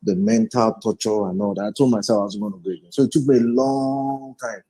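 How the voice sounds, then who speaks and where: A man's voice: lowish voice, steady tone, a little fast, mellow, poor audio. A man in his forties, a guest speaker giving an earnest, reflective personal testimony in an interview and retelling past conversations.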